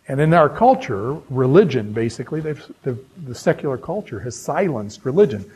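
A man teaching an informal Bible lecture, telling stories conversationally and sinking into hushed, earnest tones. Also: mid-range voice, husky, poor audio. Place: New England.

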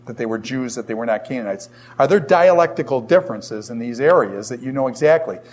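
A man with a Boston accent teaching a Bible lesson to a class, animated and firing rhetorical questions. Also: medium pitch, a little fast.

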